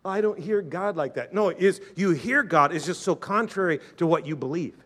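A male pastor preaching a sermon with passion, calling on the congregation to answer back and acting out doubters' objections in a quieter voice. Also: high-pitched, expressive, moderate pace.

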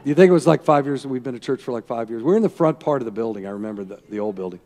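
Rambling folksy pastor in a reverberant hall. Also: male voice, mid-range voice, expressive, very fast, darkish tone. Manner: rambling, folksy storyteller with asides to the crowd. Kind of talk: sermon.

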